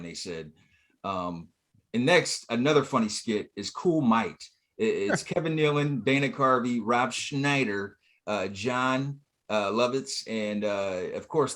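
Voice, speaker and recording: A man co-hosting a podcast, recapping comedy sketches in casual chat with fillers and swearing. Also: fairly low pitch. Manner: swears, acts out sketch lines loudly; laid-back recapping with fillers. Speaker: podcast co-host.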